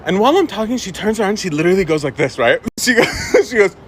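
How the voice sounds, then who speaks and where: Animated young man telling stories. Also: sits high, quick pace, slight background noise. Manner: animated, laughing, swearing. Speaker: TikTok storyteller. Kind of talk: casual story-time.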